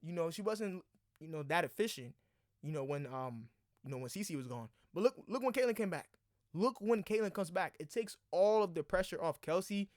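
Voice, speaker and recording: A man talks through game highlights in a loose, slangy reaction style, calling out to his viewers. His voice sits a little high for a man and bursts into loud excitement at big plays. The sound is dry and close, with no room echo. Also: normal speed. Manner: excited, slangy, addresses viewers as y'all and bruh. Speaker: basketball commentator. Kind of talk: casual sports reaction commentary.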